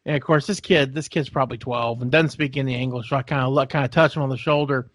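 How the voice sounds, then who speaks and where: Speaking fast, a man co-hosting a podcast rambles through a lengthy story in relaxed conversation, voicing the characters and laughing a lot. His pitch is medium with fairly even intonation and a fairly bright tone, on a dry recording.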